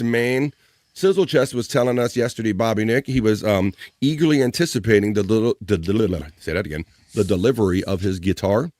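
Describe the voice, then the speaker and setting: A man's voice: medium pitch, fairly quick, a little hiss or hum. A man hosting a live stream in a casual, playful way. He reads out viewer comments and jokes with the chat. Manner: playful, jokey, shouting out viewers by name. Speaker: live-stream show host.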